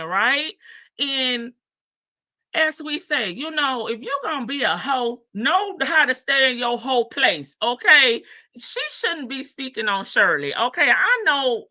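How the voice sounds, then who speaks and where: Bright-voiced chatty woman livestream host. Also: high voice, animated, takes it slowly, no room sound, dull audio. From Chicago. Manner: chatty, greets viewers one by one, sassy asides. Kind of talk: casual livestream chat.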